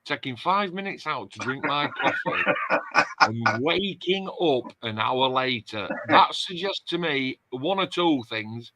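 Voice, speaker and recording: A man's voice: mid-range voice, lively intonation, unhurried, background noise. A man hosting a casual livestream chat and reading out viewer comments. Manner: chatty, reads out viewer comments. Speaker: host.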